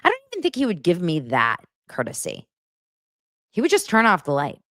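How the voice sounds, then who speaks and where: A woman's voice: on the low side, huge pitch swings, brisk, a bit bright, no echo, studio quality. A woman hosting a casual gossip podcast, talking bluntly and sarcastically. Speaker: podcast host.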